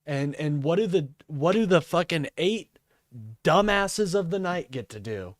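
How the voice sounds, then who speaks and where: A man's voice: fairly high pitch, lively intonation, measured pace, no echo, studio quality. A man live streaming commentary, ranting and swearing in exasperation.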